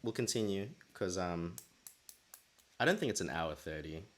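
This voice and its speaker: A man's voice: low-pitched, expressive, normal speed. A young man co-hosting a podcast, telling a story in casual chat and acting out his own past thoughts. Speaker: podcast co-host.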